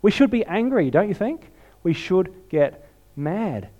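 Animated man preaching. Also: high-pitched, measured pace. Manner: animated storytelling, swings from hushed to shouting. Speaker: pastor. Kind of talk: sermon.

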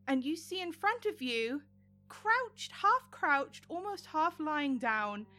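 A woman narrating a tabletop game as game master, setting scenes in a descriptive, unhurried way. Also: sits high, fairly bright tone.

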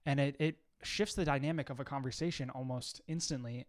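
A man's voice: medium pitch, fairly even intonation, brisk. A young man co-hosting a podcast, talking earnestly and casually with many "like"s and restarts. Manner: earnest, filler-heavy, lots of "like". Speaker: podcast co-host. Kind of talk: casual chat.

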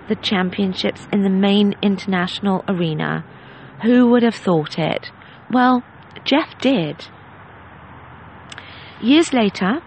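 A woman's voice: mid-range voice, gravelly, slight background noise, poor audio. A woman hosting a podcast, reading a listener's story and telling her own anecdotes. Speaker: podcast host.

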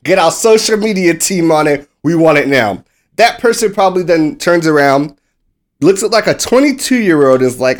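An American man co-hosting a sports podcast, telling a story in a casual, animated way and acting out the people he quotes. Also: fairly high pitch, normal speed. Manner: swears casually. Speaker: podcast co-host.

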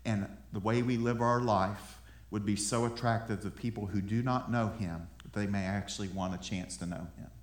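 A man's voice: fairly low pitch, fairly even intonation, normal speed, hardly any pauses, echoey room. A man preaching a sermon in a conversational way, often repeating words as he builds a point. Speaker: pastor. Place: room with an audience.

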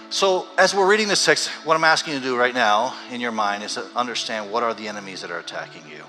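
Pastor guy preaching, mid pitch, bright tone, gets loud then goes quiet. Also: a little fast, soft background music. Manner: animated, swinging between loud and hushed. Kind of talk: sermon.

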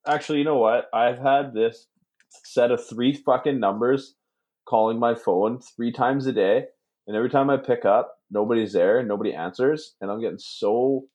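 A man's voice: medium pitch, moderate pace, darkish tone. A man, a brewer, joking and swearing in casual podcast chat. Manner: joking, profane, laughs often.

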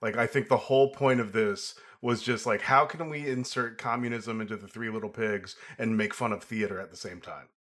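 A man's voice: fairly low pitch, fairly even intonation, brisk, hardly any pauses, fairly bright tone. A man co-hosting a film review podcast, chatting casually and joking playfully. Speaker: podcast co-host.

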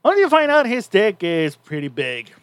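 A man co-hosts a casual podcast and retells a story in a loose, rambling way, restarting his sentences often. His voice sits a little high. The sound is dry and close, with no room around it. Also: wildly swooping pitch, moderate pace, dry recording. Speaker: podcast co-host. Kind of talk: casual chat recapping a story.

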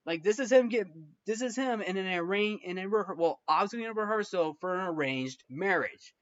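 Man, casual film recap, rambling with lots of restarts; higher voice, muffled lo-fi sound. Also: brisk, a bit bright. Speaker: film reviewer. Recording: dull lo-fi recording.

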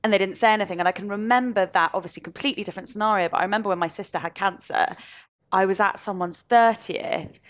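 Brief: woman, mid-pitched, fast, reflective conversational tone. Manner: thoughtful, reflective. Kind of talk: casual conversation.

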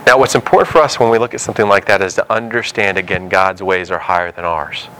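Bright-voiced preacher man. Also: sits low, quick pace, slight background noise, low-quality recording. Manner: animated storytelling, acts out biblical dialogue. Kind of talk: sermon.

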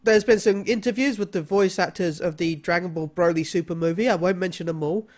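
A man's voice: high-pitched, a little fast. Hesitant man chatting about games. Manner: hesitant, many ums and restarts. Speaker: podcast co-host. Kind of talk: casual chat.

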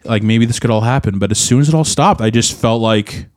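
A man's voice: mid-range voice, a little fast, a little mellow, no room sound, studio quality. A young man talking candidly on a podcast, rambling with lots of fillers and restarts. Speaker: podcast co-host, musician. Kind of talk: candid casual chat.

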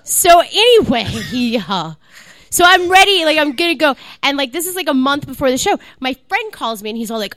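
A woman's voice: high voice, very animated, moderate pace, fairly bright tone, no echo. A woman comedian telling a story as a guest on a live comedy podcast. She is bubbly, laughs often and fills her talk with "like". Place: live comedy club stage.

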